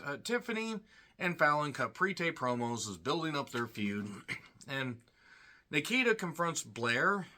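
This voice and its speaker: A man's voice: medium pitch, sharp tone. A man giving a rambling, sarcastic solo review of a wrestling show, full of snarky asides. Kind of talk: casual solo review commentary.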